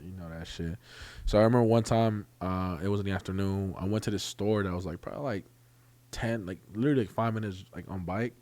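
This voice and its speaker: A young man, co-hosting a casual podcast and telling stories in an animated way, with loud bursts when acting out scenes. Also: sits low, fast. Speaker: podcast co-host. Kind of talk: casual chat.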